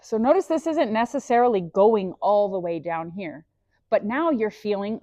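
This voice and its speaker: Upbeat woman coaching slow breathing. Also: medium pitch, sing-song, darkish tone, no room sound, dull audio. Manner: enthusiastic, encouraging, faith-based coaching. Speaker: breathwork instructor. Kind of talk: guided breathing lesson. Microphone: clip-on microphone.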